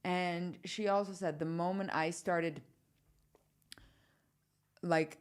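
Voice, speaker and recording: Young woman, lowish voice, chatty, laughing podcast co-host. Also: steady tone, slow pace, clear, resonant tone. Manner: chatty, laughs often, many fillers. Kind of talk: casual chat.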